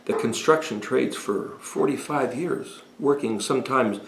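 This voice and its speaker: A man in his sixties giving a deliberate, emphatic talk explaining Hebrew words as a home Bible teacher. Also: mid-range voice, creaky, background noise. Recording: echoey room.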